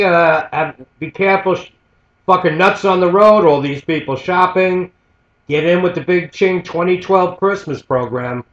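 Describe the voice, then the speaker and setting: A profane, animated American man tells a story as a rant and keeps swearing through it. His voice sits a bit high for a man. The sound is echoey and dull, like a lo-fi home recording. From United States. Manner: profane, animated, mimics other people's voices. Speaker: vlogger. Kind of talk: ranting storytelling monologue.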